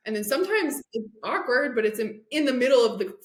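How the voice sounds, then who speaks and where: A woman's voice: fairly high pitch, lively intonation, fast talker, reverberant. A woman guest on a podcast, an addiction and recovery coach, telling a story in casual chat and acting out the dialogue, with lots of "like" fillers.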